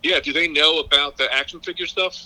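A man's voice: on the high side, a little fast, pushed and bright. A male comedian on a phone line, chatting casually and rambling with enthusiasm. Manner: rambling, self-mocking, enthusiastic. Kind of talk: casual chat.

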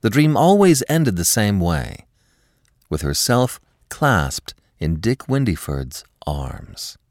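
A male audiobook narrator with a deep, low voice and a very lively pitch that rises and falls. He reads a classic story in a measured, expressive way. The recording is dry and close, with no room sound. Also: no room sound. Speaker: podcast narrator.

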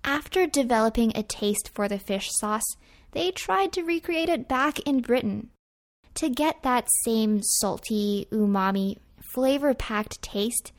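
A woman co-hosting a food history podcast, reading a script in turns with her partner in an upbeat way. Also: fairly high pitch. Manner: upbeat, reads facts in turns with co-host. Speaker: podcast co-host. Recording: faint music underneath.

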